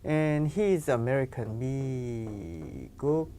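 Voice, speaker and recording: A woman's voice: a bass voice, unhurried, warm tone, slight background noise. A woman teaching a grammar lesson, explaining patiently and often saying "you know". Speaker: Korean language teacher.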